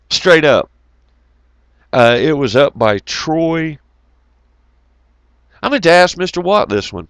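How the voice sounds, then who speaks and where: A man's voice: mid-range voice, lively intonation, normal speed, creaky, pauses often, fairly bright tone, dry recording. A man, telling rambling, profane road stories to his viewers in a loose, joking way. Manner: profane, rambling, jokey, greets chat viewers. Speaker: channel host. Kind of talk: casual rambling storytelling to viewers.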